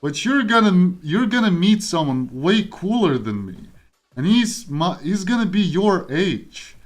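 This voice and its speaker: Slow-talking young man chatting while coding. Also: high voice, very animated. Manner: rambling, self-interrupting, laughs often. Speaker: streamer. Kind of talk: casual chat while coding.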